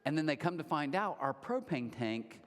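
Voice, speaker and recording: A man with a fairly high voice preaches a sermon in a casual, storytelling way, throwing in lively asides. His voice carries a long reverb from a large church auditorium. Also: moderate pace. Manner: conversational storytelling, animated asides. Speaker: pastor.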